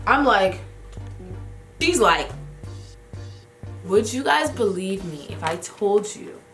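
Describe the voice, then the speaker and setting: A young woman vlogger telling a story casually, animated and full of slang, acting out her own reactions. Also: medium pitch. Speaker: beauty vlogger. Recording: roomy echo with faint music.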